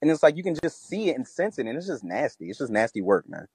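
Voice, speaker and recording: A man's voice: medium pitch, very animated, fast talker, a little mellow, slightly rough, no echo. A man co-hosting a casual podcast chat, ranting loosely with lots of fillers and swearing. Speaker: podcast co-host.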